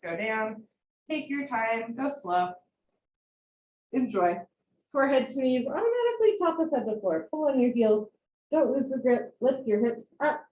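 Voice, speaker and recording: A woman instructing a live yoga class from home, giving calm posture cues with chatty, encouraging asides. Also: fairly high pitch, a little hiss or hum. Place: home room. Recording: roomy home recording.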